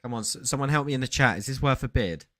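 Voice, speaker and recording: A man's voice: mid-range voice, fast, a bit bright. A man hosting a casual live stream, chatting loosely and breaking off mid-sentence to ramble through stories. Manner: rambling, self-interrupting storyteller. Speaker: sports card streamer.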